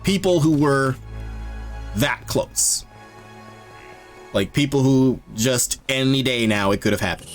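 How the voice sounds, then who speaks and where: A man streaming a game while telling casual stories in an animated, exasperated way. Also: on the low side. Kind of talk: casual storytelling while gaming.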